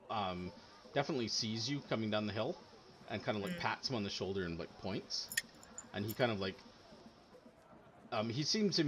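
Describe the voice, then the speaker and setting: A man's voice: mid-range voice, a little hiss or hum. A man narrating a tabletop game as game master, rambling with lots of ums and likes.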